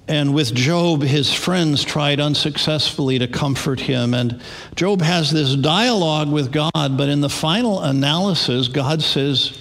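A man's voice: on the high side, vocal fry, a bit bright. A man preaching a sermon as pastor, telling stories in a conversational way with small restarts. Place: church sanctuary. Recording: long reverb of a large hall.

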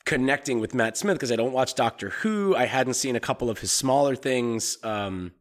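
A young man co-hosts a podcast, discussing films in a relaxed, laid-back manner. He swears casually as he talks. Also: medium pitch, moderate pace. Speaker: podcast co-host.

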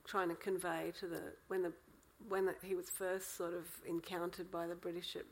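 Woman, low gravelly husky voice, lively explainer in an interview. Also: normal speed, low-quality recording. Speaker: co-author. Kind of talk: conversational interview.

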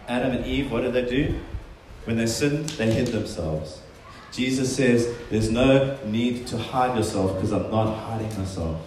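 A man's voice: medium pitch, measured pace, a little mellow, a little hiss or hum. A man preaching a sermon, earnest and emphatic, often voicing quotations in a stronger tone. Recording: very echoey room.

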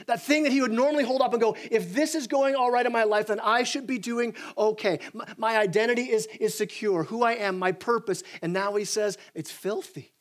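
A young man, a pastor, preaching a sermon in an animated way, with frequent restarts and acted-out quotes. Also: very high-pitched, brisk, few pauses.

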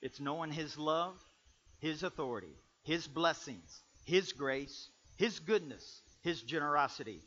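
A man, a pastor, preaching a sermon with dynamic swings from loud bursts to quiet asides. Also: fairly high pitch, animated, measured pace. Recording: dull lo-fi recording.

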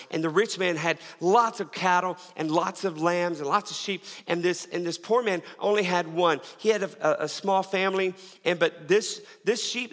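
A man's voice: on the high side, fairly bright tone. A middle-aged man preaching a sermon as pastor, telling a story with frequent restarts and repeated words. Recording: long reverb of a large hall.

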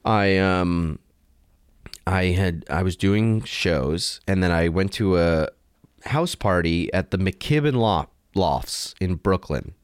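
A man, a comedian, telling a rambling, animated story full of restarts and fillers. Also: low-pitched, takes it slowly, clear, resonant tone. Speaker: comedian guest.

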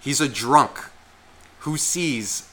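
A man in his thirties, a podcast co-host, telling a long rambling story in casual chat, swearing a lot and filling every pause with "like.". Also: medium pitch, sharp tone. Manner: rambling, heavy profanity, constant "like" fillers.

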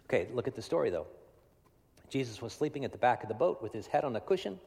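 A man preaching a sermon in a long-reverb hall. His voice sits mid-range, and he talks to the congregation like a friend, tagging lines with "right?". He swings from loud, pressing emphasis to hushed, almost whispered moments. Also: mid-range voice, big pitch swings, fast talker, gravelly. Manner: conversational, tag questions, swings from loud to hushed. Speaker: pastor.

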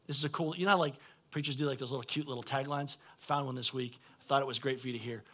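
A man, preaching a sermon as pastor and swinging between quiet asides and loud shouted calls. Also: mid-range voice, steady tone, rapid-fire. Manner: blunt, folksy preaching.

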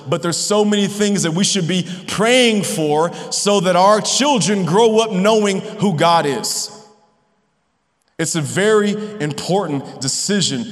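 Male pastor, 30s, bright high voice, relaxed conversational sermon delivery, reverberant hall. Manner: casual, conversational preaching with personal stories.

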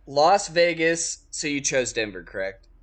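A man's voice: fairly high pitch, animated, unhurried, a loud crowd. A young man co-hosting a casual sports chat, teasing and swearing freely as he makes his picks. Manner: profane, wry and teasing. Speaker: podcast co-host making picks.

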